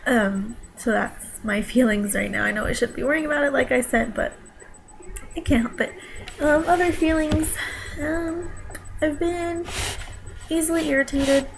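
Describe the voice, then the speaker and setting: A woman's voice: high voice, steady tone, moderate pace, creaky, pauses often, a little hiss or hum, poor audio. A young woman vlogging a casual pregnancy update, rambling and nervous.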